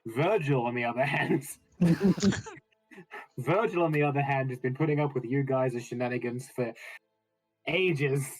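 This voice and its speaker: A man's voice: mid-range voice, unhurried, pauses often, faint music behind, low-quality recording. A man chatting out of character with his tabletop group over a voice call, joking and laughing often. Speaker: player. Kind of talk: casual out-of-character chat. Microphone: online voice call.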